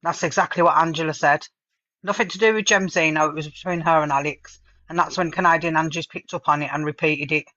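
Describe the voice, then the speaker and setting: Forceful accusing woman, dull line. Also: deep voice, fairly even intonation, quick pace. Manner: accusatory, blunt, swearing. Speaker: caller on live stream. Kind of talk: heated live stream argument.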